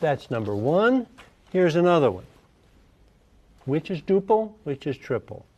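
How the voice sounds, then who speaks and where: In a big-sounding room, a man with a fairly high voice gives a classroom lecture on music at an unhurried pace. He stays lively, asking his students questions and humming rhythms to mark the beat.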